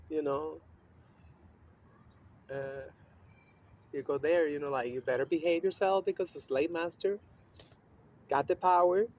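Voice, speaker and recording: A man speaking in a loose, rambling monologue with a steady stream of fillers and swearing. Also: on the high side. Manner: rambling, profane, with frequent fillers and laughs. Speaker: vlogger. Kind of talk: casual monologue.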